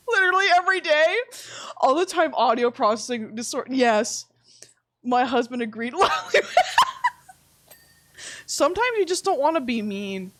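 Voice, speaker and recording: A woman's voice: on the high side, big pitch swings, moderate pace, long pauses, fairly bright tone, no room sound. A woman streaming from home, chatting casually while gaming, laughing often and speaking candidly with some swearing.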